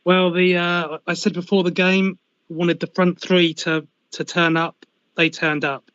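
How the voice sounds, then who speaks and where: Slightly high-voiced guy talking the game through, stop-start, muffled dry audio. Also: flat delivery, fairly bright tone, clear, resonant tone, no echo. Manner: halting, restarts, many "you know"s. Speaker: pundit on fan radio show. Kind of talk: casual match analysis. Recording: dull dry remote line.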